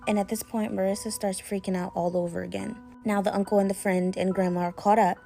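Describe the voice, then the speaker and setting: A young woman casually retelling a creepy story in a chatty, slangy way, with dramatic pauses. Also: mid-range voice, little pitch movement, gravelly, warm tone, faint music behind.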